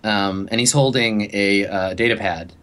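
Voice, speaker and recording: A man's voice: fairly low pitch, unhurried, fairly bright tone, smooth. A young man narrating a tabletop game as game master, speaking loosely with many fillers.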